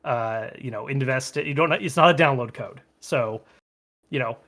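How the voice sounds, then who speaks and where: A man's voice: mid-range voice, normal speed, sharp tone. A man co-hosting a video game podcast, chatting casually and rambling with lots of filler words. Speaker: podcast co-host. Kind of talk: casual chat.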